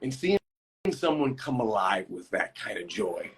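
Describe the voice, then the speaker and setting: Husky man telling rambling stories. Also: lowish voice, big pitch swings, a little slow. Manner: rambling storyteller, many restarts and asides. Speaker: actor, guest. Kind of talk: casual chat on a live video call. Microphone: phone.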